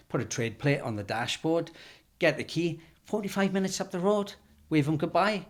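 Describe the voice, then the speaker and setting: A man hosting an interview, relaxed and plain-spoken, swapping anecdotes from his own work. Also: on the high side, moderate pace. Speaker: podcast host. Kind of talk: conversational interview.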